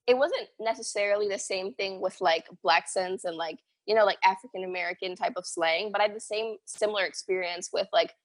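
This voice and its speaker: A young woman from the Bahamas co-hosting a podcast, chatting in an animated way and saying "like" and "literally" a lot. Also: medium pitch, brisk, hardly any pauses. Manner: animated, says "like" and "literally" often. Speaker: podcast co-host. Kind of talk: casual chat.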